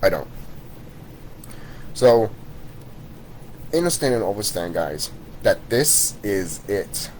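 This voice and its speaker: A man's voice: fairly low pitch, sing-song, slow pace, pauses often, a little mellow, a little hiss or hum, low-quality recording. Swearing man on a heated rant. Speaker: vlogger. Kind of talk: profane spiritual rant to camera.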